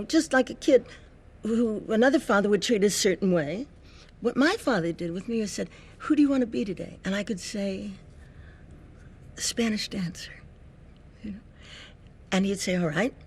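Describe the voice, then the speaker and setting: An older woman, an interview guest, telling lively anecdotes and acting out the voices of people she quotes. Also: medium pitch, slightly rough.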